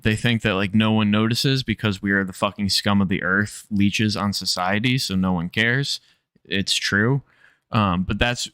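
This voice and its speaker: A man's voice: on the low side, fairly bright tone, clear, resonant tone, no echo, clean studio sound. A man with a nasal voice, rambling through casual live-stream commentary, cutting himself off and swearing freely. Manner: rambling, self-interrupting, sprinkled with profanity.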